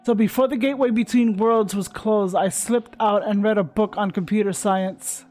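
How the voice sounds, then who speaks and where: A man's voice: sits high, fairly even intonation, moderate pace, darkish tone, soft background music, close to an everyday voice. A man voicing a vain, haughty female ghost queen, speaking grandly as he reads game dialogue aloud. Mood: grandiose. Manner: grand, self-important speech.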